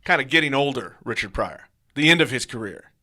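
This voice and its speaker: A man's voice: mid-range voice, animated, fairly quick, bright, forceful tone. A man in his forties hosting a podcast, teasing and laughing often during a casual chat over beers. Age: 40s. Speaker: podcast host.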